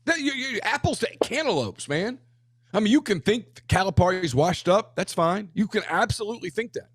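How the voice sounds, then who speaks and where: A man co-hosting a casual sports talk show, talking in an emphatic way with quick asides and restarts. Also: high-pitched, lively intonation, slightly rough, no room sound. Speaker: podcast co-host.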